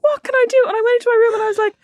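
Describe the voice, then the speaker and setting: Woman, high voice, laughing storyteller, dry close sound. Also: fairly even intonation, racing, no echo. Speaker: podcast co-host. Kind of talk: casual chat.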